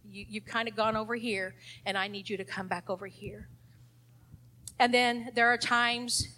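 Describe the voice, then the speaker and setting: A middle-aged woman leads an adult Sunday school class, preaching with fervor. Her voice sits high and rings brightly. She moves between emphatic declarations and near-hushed passages.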